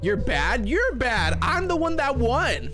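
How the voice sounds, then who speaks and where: A man streaming a horror game live, excitably chatting with his viewers as he plays. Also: extremely high pitch, takes it slowly, over music. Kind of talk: live gameplay commentary.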